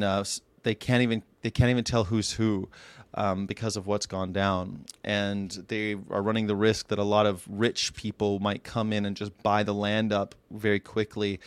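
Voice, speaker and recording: A man's voice: lowish voice, clean tone, no echo. A man from California hosting a podcast, chatting casually in a meandering way that often breaks off and restarts. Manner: meandering, self-interrupting talk. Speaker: podcast host.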